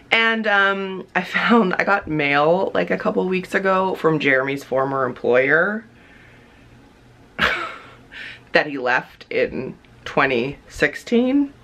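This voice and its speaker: A young woman vlogs casually at home indoors, her lowish voice a bit bright. She chats with plenty of fillers and laughs often.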